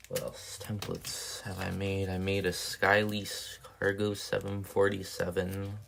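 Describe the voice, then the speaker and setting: A man casually thinking aloud while building paper planes on a live stream, soft-spoken and rambling. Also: low-pitched, flat delivery, measured pace, gravelly, slight background noise.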